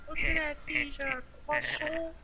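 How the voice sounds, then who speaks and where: A man voicing a dopey young male shop clerk in a high, drawling voice. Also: little pitch movement, measured pace, a loud crowd.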